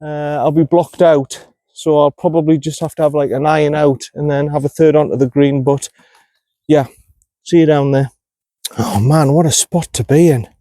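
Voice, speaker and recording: In a slightly high, mellow voice with a steady tone and normal speed, recorded dry, a North East England man commentates on his golf round outdoors for a vlog. He talks himself through every shot, self-critical and frustrated, annoyed at his own game.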